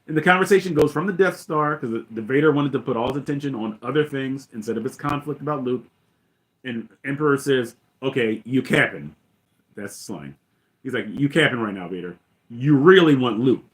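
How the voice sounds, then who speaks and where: A man's voice: on the high side, expressive, a little fast, a bit bright. A young man hosting a live stream, talking through film scenes in a fired-up way and dropping his voice to quote lines. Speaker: host.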